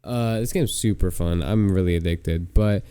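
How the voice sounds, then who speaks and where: A man's voice: deep voice, normal speed, warm tone, smooth, no room sound. A young man telling a long story on a podcast, rambling and filling it with "like". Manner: rambling, heavy with "like" fillers. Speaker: podcast co-host. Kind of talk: casual storytelling.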